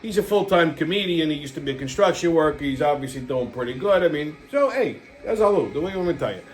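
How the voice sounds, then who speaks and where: A man's voice: fairly high pitch, animated, fast. A man from Brooklyn with a New York accent, rambling bluntly through a casual, profane monologue as the channel's host. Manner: rambling, blunt, heavy swearing, lots of fillers.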